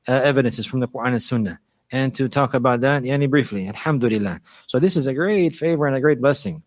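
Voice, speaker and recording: Fast-talking male preacher, dry sound. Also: mid-range voice, no echo. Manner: repeats phrases for emphasis, mixes in Arabic phrases. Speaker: Islamic preacher and teacher. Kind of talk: religious lecture.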